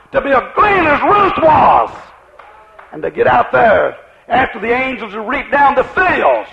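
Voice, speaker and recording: A man preaching a fiery revival sermon, shouting in a chanting cadence, on a muffled lo-fi recording. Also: very high-pitched, sing-song, measured pace, creaky, heavy background noise.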